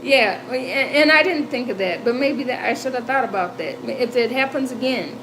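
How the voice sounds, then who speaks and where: A woman in her fifties hosting a livestream, telling a story in a chatty, animated way and laughing often. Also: fairly high pitch, normal speed, a little hiss or hum, low-quality recording. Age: 50s. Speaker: livestream host. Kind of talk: casual storytelling chat. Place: home.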